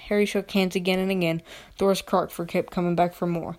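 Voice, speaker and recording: A woman reading a children's novel aloud at an unhurried pace, now and then stumbling and restarting a word. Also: fairly low pitch, little pitch movement, a little mellow. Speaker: reader. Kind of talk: amateur audiobook reading.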